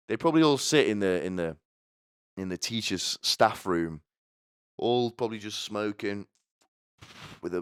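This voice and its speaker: Deep-voiced sardonic man. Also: clean tone, no echo, studio quality. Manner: sardonic, rambling, frequent restarts. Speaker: podcast host. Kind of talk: comedic podcast monologue.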